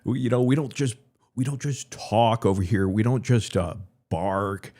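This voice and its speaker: A man's voice: fairly low pitch, normal speed, dark tone. A man hosting a live stream, talking in a loose, profane, joking way and repeating himself. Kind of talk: rambling crude live stream commentary.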